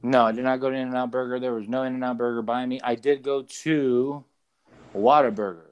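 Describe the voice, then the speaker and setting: Casual podcast co-host, man, mid-pitched, rambling storyteller who swears a lot. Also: little pitch movement, brisk, darkish tone, smooth, highs cut off. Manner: rambling storyteller, loose and profane, many fillers. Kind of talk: casual chat. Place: away from home, calling in to the show.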